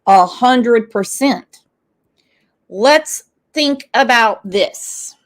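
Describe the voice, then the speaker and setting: Woman host, true crime stream; angry, blunt, cusses; unhurried, slightly high voice. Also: animated. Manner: angry, blunt, swears freely. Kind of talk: livestream commentary.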